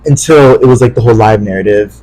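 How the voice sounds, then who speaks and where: Fast-talking young man telling a story. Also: on the low side, slight background noise, rough recording. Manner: animated storyteller, acts out quotes with swearing. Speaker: podcast co-host. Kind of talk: casual storytelling chat.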